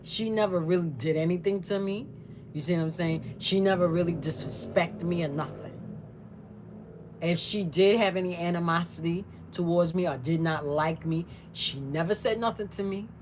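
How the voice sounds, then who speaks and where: Low-voiced woman telling a family story. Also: normal speed, noisy background. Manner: animated, mimics other people's voices. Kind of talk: casual storytime chat.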